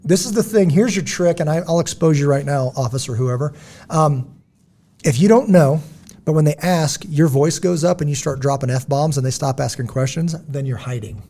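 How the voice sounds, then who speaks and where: A man hosting a podcast, talking in a blunt, emphatic, preachy way with a husky voice. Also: on the high side, normal speed, warm tone. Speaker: podcast host. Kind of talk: casual podcast discussion.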